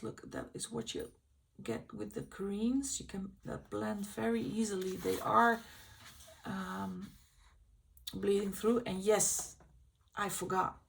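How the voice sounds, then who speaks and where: A woman's voice: mid-range voice, steady tone, slow pace, creaky, fairly bright tone, a little hiss or hum. A woman hosting a casual video where she shows her finished colouring pages, chatting and thinking aloud as she checks which supplies she used. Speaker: colouring channel host.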